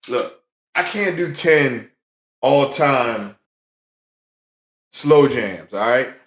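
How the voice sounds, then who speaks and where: A man's voice: a little high, a bit bright. A man hosting his own casual solo talk show, chatting directly to his viewers and repeating phrases for emphasis. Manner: talks directly to viewers, greets them often. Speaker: podcast host. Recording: roomy echo.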